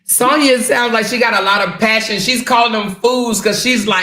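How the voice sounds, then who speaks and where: Bright-voiced woman host reacting. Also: fairly high pitch, moderate pace, hardly any pauses, echoey room. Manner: casual, emphatic, repeats herself. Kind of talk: reaction commentary.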